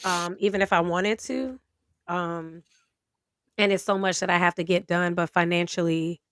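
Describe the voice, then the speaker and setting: A woman co-hosting a podcast in casual chat, talking in a relaxed, slangy way with lots of fillers and restarts, and sometimes reading an article aloud. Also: fairly low pitch, moderate pace, no room sound, clean studio sound. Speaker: podcast co-host.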